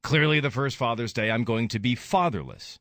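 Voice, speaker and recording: A man's voice: medium pitch, normal speed, a bit bright, dry recording, studio quality. A man hosting a radio show, talking rawly about grief and rising into anger. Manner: raw, grieving, rises to anger. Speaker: radio host. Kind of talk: emotional radio talk.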